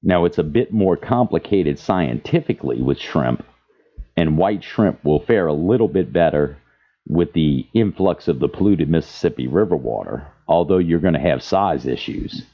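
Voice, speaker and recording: Very deep-voiced impassioned man. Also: animated, normal speed. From Louisiana. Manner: impassioned, reads quotes aloud. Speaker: podcast host. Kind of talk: advocacy podcast commentary. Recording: dull lo-fi sound.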